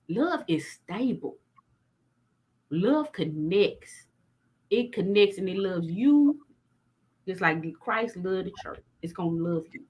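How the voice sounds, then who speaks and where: A woman's voice: fairly low pitch, husky. A middle-aged woman hosting a faith-based talk show, frank and plain-spoken as she preaches. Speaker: podcast host.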